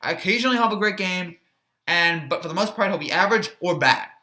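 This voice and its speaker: A sports reaction YouTuber, a man, delivers a casual football recap monologue that rambles, leans opinionated and sarcastic, and is packed with fillers and restarts. His voice is high-pitched, bright, and forceful, and he talks fast and animatedly.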